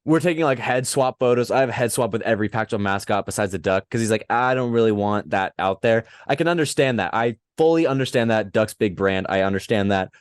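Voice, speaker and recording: A man hosting a casual interview, laid-back and quick to laugh. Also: on the low side, smooth, no echo, studio quality. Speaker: podcast host.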